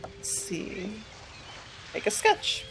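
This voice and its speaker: A woman hosts a let's play of a game, speaking extremely slowly as she chats, giggles, and thinks out loud. Faint game music sits behind her amid a noisy background.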